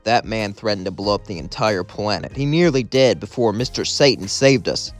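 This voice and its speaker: A man voicing a grumpy, weary male demon who sounds gruff and dismissive. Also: on the low side, moderate pace, soft background music, close to an everyday voice.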